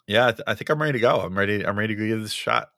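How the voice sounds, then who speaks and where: A young man co-hosting a casual podcast chat, halting and full of ums and uhs, chuckling often. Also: lowish voice, lively intonation, bright, forceful tone. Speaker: podcast co-host.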